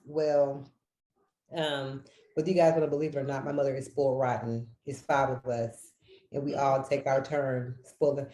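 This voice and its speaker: A woman hosting a podcast, chatting casually with her mother and telling animated stories. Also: very deep voice, normal speed, reverberant, slight background noise. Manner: animated storyteller who acts out quotes. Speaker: podcast host. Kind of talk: casual family chat.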